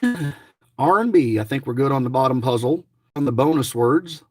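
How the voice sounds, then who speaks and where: A middle-aged man who vlogs about lottery scratch-offs rambles through chatty running commentary for his viewers, grumbling and joking along the way. His husky, animated voice sits at medium pitch and moves at a moderate pace. The audio is studio quality with no echo.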